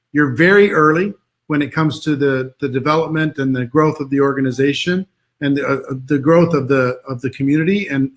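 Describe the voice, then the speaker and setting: A middle-aged American man giving an encouraging talk over a video call, his voice pitched a little high. He speaks in an earnest, warm-hearted way and often repeats words as he searches for the next phrase. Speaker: interview guest. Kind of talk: motivational talk on a live stream.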